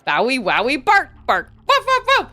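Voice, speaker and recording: A woman's voice: high voice, wildly swooping pitch, moderate pace, sharp tone, voice pushed up, full character voice. A woman voicing a clumsy cartoon cat trying to bark like a dog. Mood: silly. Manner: goofy barking and woofing. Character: cartoon cat bumbling while learning to bark.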